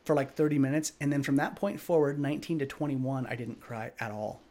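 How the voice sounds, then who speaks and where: A man's voice: medium pitch, steady tone, brisk, warm tone. A man hosting a podcast, telling a candid personal story in an earnest, reflective way and leaning on lots of filler "like"s. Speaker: podcast host.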